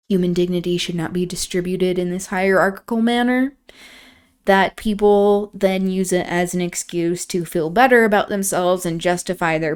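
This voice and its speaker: A woman's voice: lowish voice, smooth. Woman reading a classic novel aloud. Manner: reflective, quieter asides between passages.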